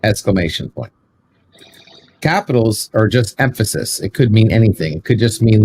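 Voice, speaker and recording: A man in a casual debate, arguing his view with quick apologetic asides. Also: fairly low pitch, expressive, darkish tone.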